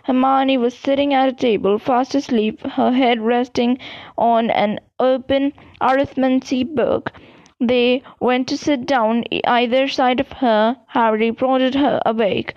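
Amateur reader, woman, high-pitched, reads a novel aloud with slips, close and dry. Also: steady tone, measured pace, a little mellow, no room sound. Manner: stumbles and restarts words. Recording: dull, dry lo-fi recording.

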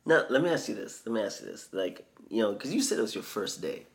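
Young man, podcast co-host, fairly low voice, casual, eager follow-up questions. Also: very animated, fast talker, creaky. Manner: eager listener who chimes in and sums up the point. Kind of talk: casual chat.

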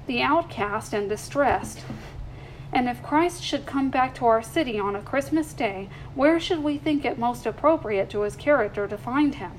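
Lady reading as a soft earnest auntie, gently serious, a bit high. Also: a little hiss or hum, close to an everyday voice, poor audio. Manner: measured, gently moralizing. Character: kind earnest middle-aged aunt, gently serious.

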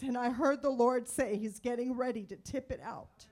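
A woman with a somewhat high voice shares a prophetic word in church. She speaks in a soft, measured and gentle way. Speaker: prophetic minister.

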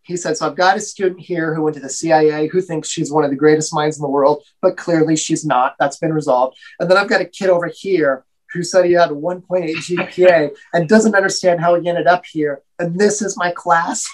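Man telling a lively story. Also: fairly high pitch, a little fast, low-quality recording. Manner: animated, acts out quoted voices. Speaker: guest. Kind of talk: casual storytelling.

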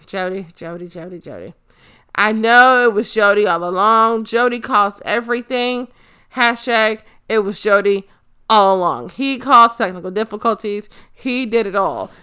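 A young woman casually recapping a wrestling episode, excitable and swearing freely, often losing track of names. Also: on the high side, clean tone. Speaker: show recap host.

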